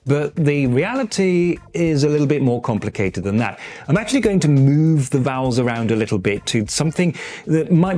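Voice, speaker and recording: A man's voice: medium pitch, darkish tone. A British man with a received pronunciation accent, explaining sounds step by step in a dry, wry way, recorded in a small room and cleaned up afterwards. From Britain. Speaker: educational YouTuber. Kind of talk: explainer video narration. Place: small room with poor acoustics, audio cleaned up. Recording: faint background music.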